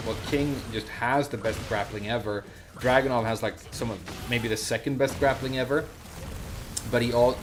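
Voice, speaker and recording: Chatty man rambling over gameplay. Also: fairly low pitch. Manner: rambling, chatty, many fillers and asides. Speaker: streamer. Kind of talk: casual gameplay commentary.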